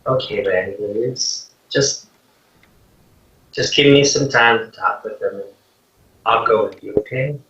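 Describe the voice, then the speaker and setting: A man's voice: fairly low pitch, unhurried, pauses often, a bit bright, slight background noise. A man voicing a kind young woman who soothes her father, in a tabletop game. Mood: gentle. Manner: soothing, pleading. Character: kind young woman, a dutiful noble daughter. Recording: roomy, distant, dull lo-fi mic.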